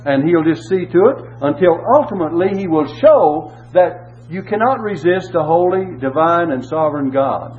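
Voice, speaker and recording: A man's voice: fairly high pitch, moderate pace, hardly any pauses. A man preaching a sermon and reading scripture, emphatic, repeating key words and asking rhetorical questions. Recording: tinny phone-like audio with faint hum.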